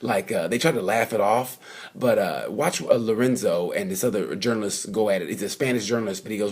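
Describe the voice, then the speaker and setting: A man's voice: lowish voice, fairly quick, darkish tone, breathy edge. A man casually recapping motorcycle races in a rambling, chatty way, full of fillers and asides. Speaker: vlogger reviewing motorcycle races. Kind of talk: casual off-the-cuff race recap. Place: at the race circuit.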